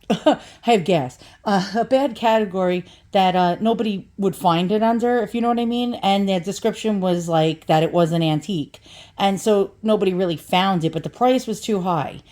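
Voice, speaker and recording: A woman's voice: medium pitch, normal speed, warm tone. A woman vlogger chatting casually through an antique unboxing, rambling and self-deprecating with lots of restarts.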